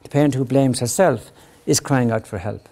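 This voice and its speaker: An older man giving an earnest talk on parenting as a psychologist. He often tags his points with a questioning "right?" and acts out parents' voices at a higher pitch. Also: normal speed, vocal fry, dark tone. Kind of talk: lecture to parents.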